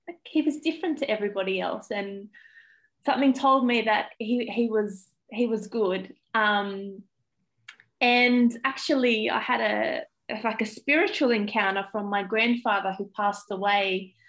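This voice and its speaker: A woman's voice: mid-range voice, unhurried, fairly bright tone, rough recording. A young Australian woman, a primary school teacher, talking as a podcast guest, getting emotional and tearful, with many ums. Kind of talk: casual interview chat.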